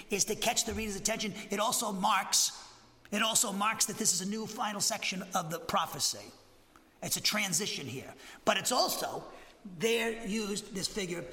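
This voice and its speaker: A man's voice: high voice, pushed and bright. A man with a Southern American accent teaching an expository Bible lesson in a church, emphatic and often repeating and restarting his phrases. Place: church sanctuary. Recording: echoey hall with long reverb.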